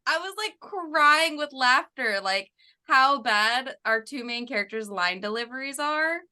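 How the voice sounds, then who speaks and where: Woman co-host, animated and giggly, bright tone, chatty podcast review. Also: high voice, unhurried, clear, resonant tone. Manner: laughing, animated storytelling. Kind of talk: casual chat reviewing a film. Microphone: remote call.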